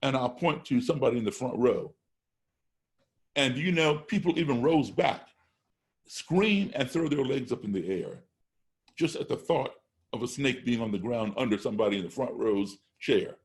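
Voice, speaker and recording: A man's voice: mid-range voice, animated, moderate pace. A middle-aged American man talking as a podcast guest, telling a story with emphatic, step-by-step points. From United States. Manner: emphatic, builds points step by step, acts out classroom exchanges. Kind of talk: conversational storytelling.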